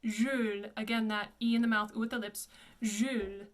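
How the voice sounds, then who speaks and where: A woman voice coach with a fairly high voice leads a pronunciation lesson. She models each name slowly and repeats it for the listener. Her tone is clear and instructive throughout. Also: completely flat delivery, a bit bright. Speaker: classical voice coach.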